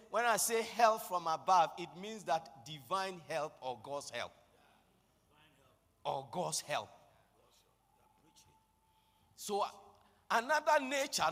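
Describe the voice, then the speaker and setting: A man preaching a sermon with passion, often rising to shouted declarations. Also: sits high. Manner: impassioned, building to shouted declarations. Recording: long echo of a large hall.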